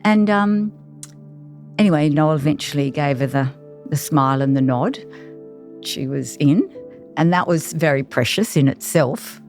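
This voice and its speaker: A woman, a carer, telling her personal story in an interview, reflective and halting with many pauses. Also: deep voice, expressive, a little mellow, faint music behind.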